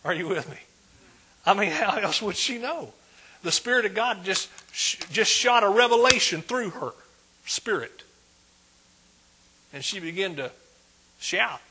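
A man preaching a sermon, emphatic, swinging between loud declarations and hushed asides. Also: high voice, expressive, a little slow, pauses often, slight background noise.

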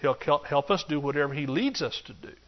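A man preaching a sermon, animated and joking, acting out excuses in a higher voice. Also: fairly quick. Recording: dull lo-fi sound.

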